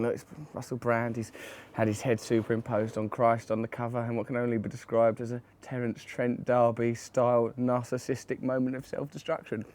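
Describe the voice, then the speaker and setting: A playful, self-mocking man in his thirties riffing through a rambling comic monologue. His speech is flamboyant and theatrical at a middle pitch, with sudden loud bursts. It was recorded outdoors in a garden. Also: steady tone, brisk, a little hiss or hum. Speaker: comedian promoting his book.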